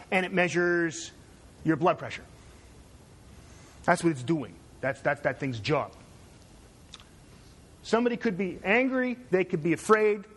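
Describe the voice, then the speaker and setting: A man's voice: high voice, a bit bright. A man from Canada giving a conversational university lecture, digressive and checking in with "right?".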